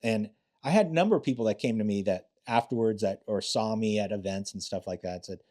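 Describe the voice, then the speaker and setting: A man's voice: fairly low pitch, a little fast, dark tone. A man in his late fifties, a retired police officer, telling blunt, profane stories in a casual interview and acting out the quotes.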